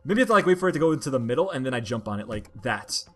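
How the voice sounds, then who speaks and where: A woman giving casual commentary over a platformer, talking to herself in frustration and bursting into loud complaints. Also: a bass voice, very animated, rapid-fire, soft background music. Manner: exasperated, frustrated self-talk that bursts into loud outbursts. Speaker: let's play gamer.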